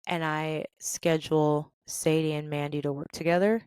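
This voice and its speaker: A woman in her thirties hosting a podcast, telling a work story in a lively way and acting out the people in it. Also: sits low, moderate pace, clear, resonant tone, no room sound. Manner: animated, acts out quoted people. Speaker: podcast host. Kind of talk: storytelling rant.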